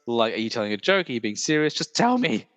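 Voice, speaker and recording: A man's voice: medium pitch, big pitch swings, quick pace, a bit bright. Guy hosting a chatty podcast, rambly and jokey, dry close mic with a long echo tail. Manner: rambling, self-interrupting, jokey with put-on voices. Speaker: podcast host. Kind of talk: casual chat.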